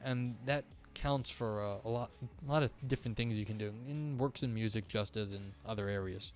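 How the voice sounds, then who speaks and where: A man's voice: lowish voice, brisk. A man hosting a livestream, reading a literary text aloud and breaking off into loose, musing commentary. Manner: reads passages aloud, then breaks off into loose musing asides. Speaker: livestream host reading and analyzing texts.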